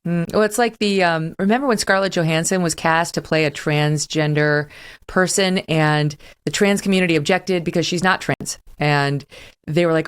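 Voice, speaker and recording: A woman hosts a talk-show interview in a somewhat low voice. She chats easily but asks pointed questions. She steers each turn toward the next topic. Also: normal speed, clean tone. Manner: chatty, pointed, leads the questions. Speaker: host.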